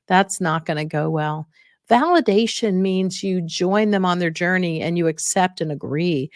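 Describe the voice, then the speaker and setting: A woman's voice: lowish voice, no room sound, clean studio sound. A middle-aged woman hosting an instructional podcast, talking directly and coaching her listeners, repeating her key points. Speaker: podcast host.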